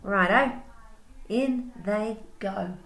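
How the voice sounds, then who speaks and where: A woman's voice: medium pitch, drawn-out words, fairly bright tone, echoey room. A woman voicing a clever, boastful male dingo who chants and grins as he cooks a storybook stew. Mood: gleeful. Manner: cheerful, sing-song, grinning.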